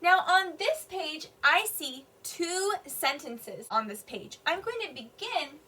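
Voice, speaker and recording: A woman teaching a kindergarten reading lesson, slowly and patiently sounding out words for young children in an encouraging way. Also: high voice, animated, sharp tone, recorded from a distance. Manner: slow, exaggerated sounding out of words.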